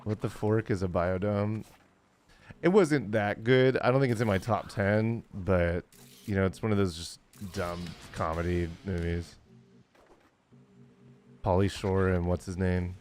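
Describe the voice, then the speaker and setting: Man, 40s, game streamer, tired, lowish voice, loose rambling chat. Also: measured pace, darkish tone, faint music behind. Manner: rambling, many fillers, chuckling often. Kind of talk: casual gaming livestream chat.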